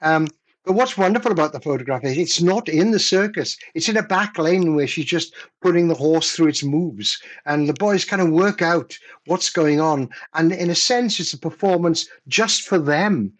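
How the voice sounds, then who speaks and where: A man in his seventies, a poet guest in an interview, talking in a measured, reflective way and reading his poems deliberately. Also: fairly high pitch. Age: 70s. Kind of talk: conversational interview and poetry reading.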